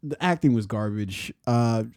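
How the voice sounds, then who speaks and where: A man's voice: medium pitch, animated, unhurried, darkish tone, clean tone, no echo, clean studio sound. A man co-hosting a podcast in casual, profane chat, rambling and laughing often. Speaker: podcast co-host.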